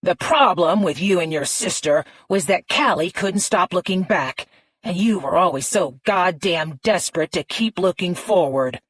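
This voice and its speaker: A woman voicing a foul-mouthed, abrasive older mother who talks loudly and crudely in an audiobook. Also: on the low side, lively intonation, normal speed, slightly rough, no echo. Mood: lecturing. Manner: loud, crude, shouting.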